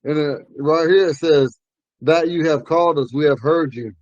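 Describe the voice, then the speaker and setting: A man teaching a language class, explaining word meanings slowly and repeating key phrases. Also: a little high, darkish tone, dry recording, muffled recording.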